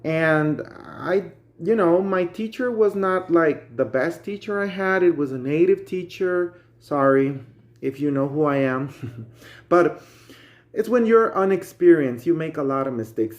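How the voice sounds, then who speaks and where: A man's voice: fairly high pitch, animated, measured pace. A man with a Guatemalan Spanish accent, a native Spanish speaker, teaching English as a chatty teacher who keeps addressing viewers as guys. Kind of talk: casual spoken English lesson.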